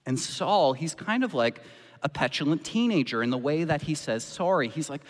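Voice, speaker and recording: A man's voice: sits high, lively intonation, a little fast, a bit bright. A man preaching a sermon as pastor, impassioned and acting out the voices he quotes. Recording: long reverb of a church hall.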